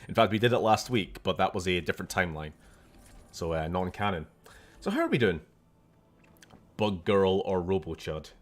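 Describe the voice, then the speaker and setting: Jokey Scottish streamer, lively voice. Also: male voice, sits low, normal speed, pauses often. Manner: jokey, swearing, chatty. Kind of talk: casual game-stream chat.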